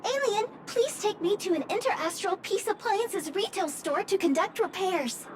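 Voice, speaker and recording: A woman's voice: extremely high pitch, expressive, moderate pace, noisy background. A woman voicing a cheeky little robot object finder in a video game, chirping beeps and sassy announcements. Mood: chirpy. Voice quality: says "beep" aloud between lines. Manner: sassy, cheerful, singsong announcements. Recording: game audio with background music.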